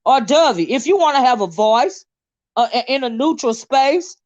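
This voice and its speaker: A woman's voice: high voice, lively intonation, normal speed, a little mellow, no echo, muffled recording. A woman hosting a livestream in casual chat, fired up, blunt and profane, often stumbling over repeated words. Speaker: livestream host.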